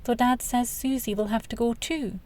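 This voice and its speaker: A woman's voice: a little high, fairly even intonation, normal speed, a little mellow, natural voice. Woman reading a chirpy young boy. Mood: cheerful. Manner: breezy and chirpy. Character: cheerful, impulsive young boy.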